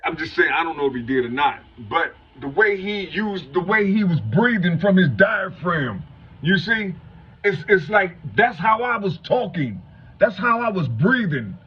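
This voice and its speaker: A man's voice: very animated, unhurried, husky. A man in his fifties from Cincinnati, talking to viewers in a rambling, stuttering monologue that is full of swearing and "you know what I'm saying.". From Cincinnati, Ohio. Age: 50s. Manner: salty street talk, heavy swearing. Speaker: vlogger. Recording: dull low-fi home recording, faint hum.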